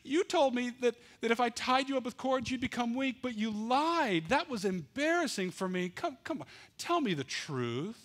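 A man voicing a pleading, manipulative young wife with a high, whining voice. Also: animated, normal speed, a bit bright. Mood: whiny reproachful.

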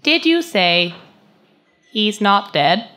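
A woman's voice: mid-range voice, big pitch swings, drawn-out words, sharp tone, faint music behind, pitched above the performer's own voice, full character voice. A woman reading aloud, voicing a rude, clipped robotic call-centre bot.

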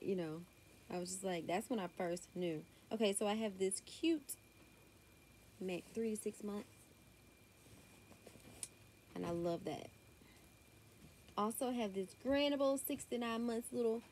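Southern mom, casual haul chat at home, mid-pitch, relaxed drawl, tablet mic, faint noise behind. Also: female voice. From Southern United States. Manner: chatty, drawling, says y'all a lot. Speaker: vlogger. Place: home room. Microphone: tablet built-in mic.

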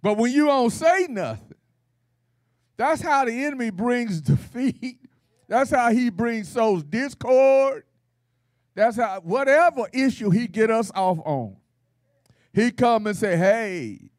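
A man's voice: very high-pitched, lively intonation, takes it slowly, a little mellow, dry recording, studio quality. A man preaching at a Bible study in a folksy, playful style, with call-and-response and laughter. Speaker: pastor.

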